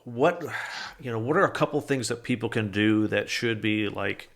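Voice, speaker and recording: Give me a man host of a podcast, relaxed and chatty. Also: on the low side, normal speed, creaky. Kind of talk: casual interview.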